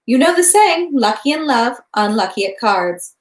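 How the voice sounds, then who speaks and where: A woman reading aloud the cold, measured lines of a calculating male gambler. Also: a little high, very animated, echoey room. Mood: cool.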